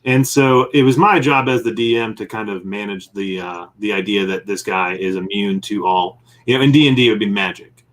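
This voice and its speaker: A man's voice: fairly low pitch, steady tone, brisk, fairly bright tone. A man telling a long story in a casual interview while sketching, rambling and acting out bits of dialogue. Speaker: comic publisher and guest; game master of his group.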